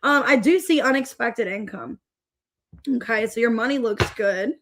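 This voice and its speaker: Young female tarot reader, slightly high voice, loose chatty delivery that greets viewers. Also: normal speed, background noise. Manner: chatty, rambling, greets viewers mid-reading. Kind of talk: casual tarot reading.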